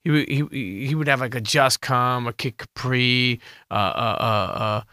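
A man's voice: medium pitch, normal speed, pushed and bright, clear, resonant tone, dry recording, clean studio sound. A man hosting a podcast interview, telling loose stories full of slang and profanity. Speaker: podcast host. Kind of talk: casual interview chat.

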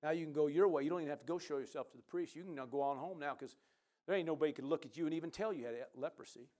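A man delivers a lively sermon as pastor, his voice sitting a little high. He reads scripture aloud and drifts into chatty asides, then swells into loud, emphatic calls for an amen. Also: racing. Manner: conversational asides, rising to loud emphatic bursts.

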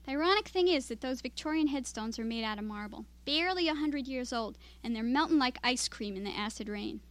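A woman reading aloud, voicing a mild, friendly Midwestern man who talks low and subdued, nostalgic and quietly bitter. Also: expressive, brisk. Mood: musing.

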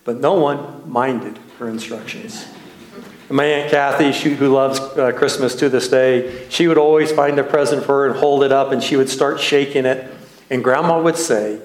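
A man from Texas, a minister, telling a slow, nostalgic childhood story as a sermon with light laughs. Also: medium pitch, steady tone, echoey room, low-quality recording.

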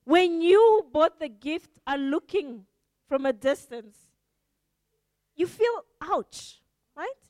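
High-voiced animated woman preacher. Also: slow, long pauses, no room sound, studio quality. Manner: animated storytelling, acting out quoted reactions. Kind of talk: sermon.

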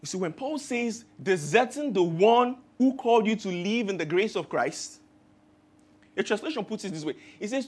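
High-voiced man preaching. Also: expressive, moderate pace. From Nigeria. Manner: storytelling, acts out quoted voices with rising emphasis. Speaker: pastor. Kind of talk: sermon.

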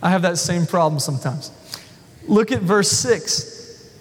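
Male pastor, high voice, animated, self-deprecating sermon, long hall reverb. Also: a little slow. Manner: animated, self-deprecating, acts out the people he talks about.

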